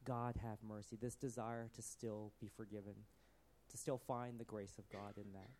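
A man preaching a sermon, earnest, often dropping to a soft voice. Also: fairly low pitch, little pitch movement, moderate pace.

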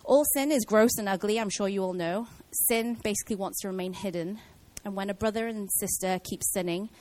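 A woman's voice: mid-range voice, brisk, darkish tone, rough recording. A woman giving an informal Bible teaching in a casual way, with many fillers and restarts.

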